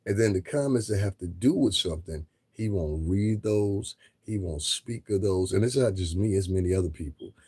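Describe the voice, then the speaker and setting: Man, deep voice, dry close sound, livestream commentator, blunt, profane, lecturing. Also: moderate pace, few pauses, a little mellow, breathy edge, no echo. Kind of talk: unscripted livestream rant.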